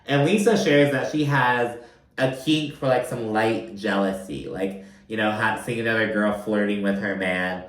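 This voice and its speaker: A man's voice: lowish voice, fairly even intonation, normal speed, fairly bright tone. Chatty young man in a roomy echo. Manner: chatty, rambling, lots of fillers, campy mock voices. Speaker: reality TV recap commentator. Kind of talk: casual recap commentary.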